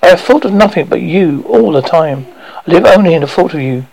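A man's voice: fairly high pitch, lively intonation, fairly quick, vocal fry, darkish tone, low-quality recording. A man reading aloud voices a frightened young woman who pleads breathlessly with her lover. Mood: pleading.

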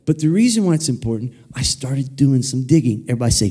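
A man preaching in a church sanctuary, animated and playful, often calling on the congregation to repeat his words. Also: medium pitch, fast, breathy edge. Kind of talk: energetic sermon with call-and-response.

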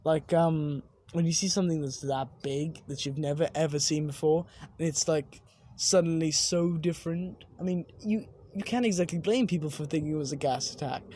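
A young adult talks in a loose, rambling monologue, swearing freely and cutting off words to restart. The voice is husky and breathy, sitting at an ordinary middle pitch. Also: moderate pace, dark tone. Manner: rambling, swearing, many self-corrections. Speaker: vlogger. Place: outdoors at night overlooking buildings.

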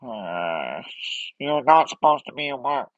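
A man's voice: medium pitch, big pitch swings, unhurried, fairly bright tone, dry recording, highs cut off. A man voicing a grumpy male cartoon octopus in a whiny, nasal manner. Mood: whiny complaint.

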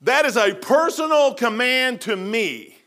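Older male pastor, high voice, bright tone, casual sermon. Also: lively intonation, measured pace. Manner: casual preaching with asides and self-mocking humor. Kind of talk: folksy sermon.

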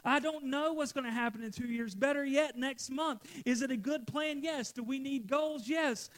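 A man's voice: very high voice, normal speed. A male pastor preaching a sermon to his church, repeating phrases for emphasis and getting out of breath.

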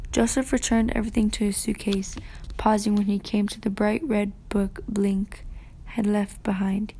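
A woman reading a novel aloud in a soft, half-whispered way, with her own commentary. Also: mid-range voice, level tone, normal speed, husky. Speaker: student reader.

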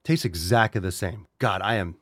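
A man's voice: lowish voice, normal speed, no echo, studio quality. A man hosting a podcast, ranting and swearing in a worked-up, comic way. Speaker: podcast host. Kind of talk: ranting comedic podcast talk.

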